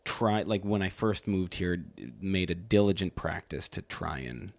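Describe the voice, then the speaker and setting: A man's voice: deep voice, expressive, measured pace, creaky, no echo. A man from Wisconsin hosting a casual podcast chat, rambling with lots of fillers and restarts. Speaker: podcast host. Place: office.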